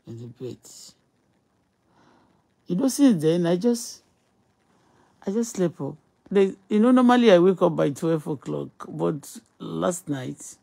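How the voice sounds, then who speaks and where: A woman's voice: lowish voice, creaky, mellow, slightly rough. A woman from Nigeria with a Yoruba-tinged Nigerian accent, talking on a phone live stream in an emphatic, repetitive way. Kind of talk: casual live-stream talk and prayer.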